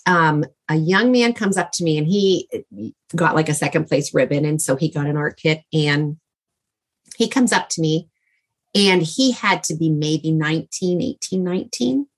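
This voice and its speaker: A middle-aged woman, interviewed as a guest, tells a personal story with heartfelt rambling, full of fillers and restarts. Her voice sits low.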